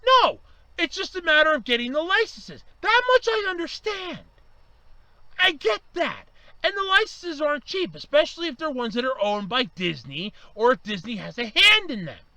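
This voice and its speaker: A man ranting angrily to camera, swearing and raising his voice to yelling, his voice strained from shouting. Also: extremely high pitch, very animated, normal speed, no echo, poor audio. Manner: heated, swearing, raises voice to yelling. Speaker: vlogger. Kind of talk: angry ranting monologue.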